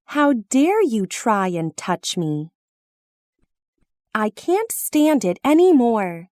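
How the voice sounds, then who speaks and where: A woman reading practice phrases slowly and carefully for language learners, each line delivered clearly and deliberately. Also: fairly high pitch, big pitch swings, a little mellow, no echo, clean studio sound. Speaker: phrase reader.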